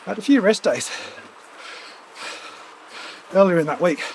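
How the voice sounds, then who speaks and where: Man with a cold and runny nose, fairly high voice, rambling stream chat, faint hum in the background. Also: animated, a little slow, vocal fry, low-quality recording. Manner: rambling, chatty, with offhand asides. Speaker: streamer hosting a cycling ride-along. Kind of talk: casual chat while riding.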